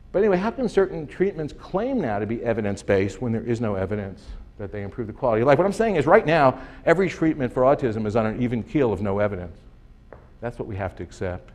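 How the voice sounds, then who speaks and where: A man with a darkish, fairly low voice gives a lecture presentation at a conference hall. He is emphatic and sarcastic, and he keeps asking rhetorical questions.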